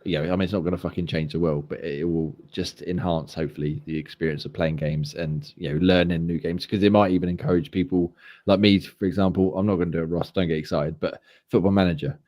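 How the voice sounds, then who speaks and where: A man hosting a laid-back gaming podcast. He rambles and swears casually as he talks. His voice is very deep. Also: fairly even intonation, fast talker, darkish tone. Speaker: podcast host. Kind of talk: casual chat.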